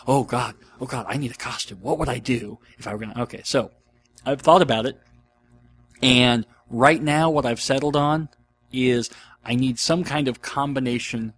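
A middle-aged man hosts a casual podcast, answering listener questions in a rambling, jokey way. His voice sits at an ordinary pitch and turns animated as he riffs on his answers. A faint hum runs under the recording. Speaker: podcast host.

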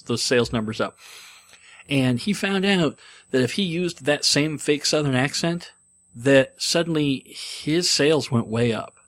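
A man's voice: medium pitch, fairly bright tone. Rambling man telling a story. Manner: rambling, digressive. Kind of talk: casual storytelling.

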